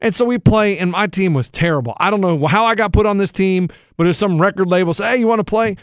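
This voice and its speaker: A man telling animated stories in casual chat, swearing freely. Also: sits high, quick pace, clean tone, dry recording, studio quality.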